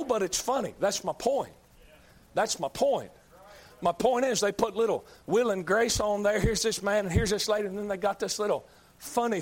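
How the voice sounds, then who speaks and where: A man preaching a fiery sermon, hammering his points with repetition and rising to shouts. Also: sits high. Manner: emphatic, repeats lines, builds to shouts.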